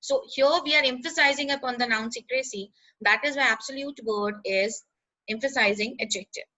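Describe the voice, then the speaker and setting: A woman explaining grammar in a lesson, pausing with "uh" and checking in with "right?". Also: fairly high pitch, sharp tone, highs cut off. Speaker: teacher.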